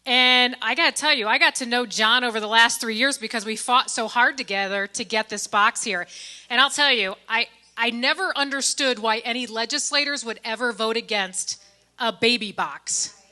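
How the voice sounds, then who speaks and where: A woman's voice: a little high, normal speed, pushed and bright. A middle-aged woman from Indiana gives a keynote speech at a fundraising gala in a church hall, speaking into a handheld mic in a folksy, joking way and talking straight to the crowd. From Indiana, USA. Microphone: handheld microphone.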